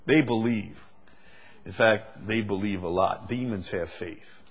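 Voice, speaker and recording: A man's voice: on the low side, unhurried, slightly rough. A man preaching a sermon, reading scripture aloud and building to emphatic, rising delivery.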